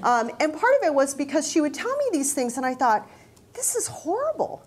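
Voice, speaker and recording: A middle-aged woman on university staff gives a reflective personal talk, briskly telling stories with big swings in pitch. When she acts out remembered conversations, her voice rises for the quoted dialogue.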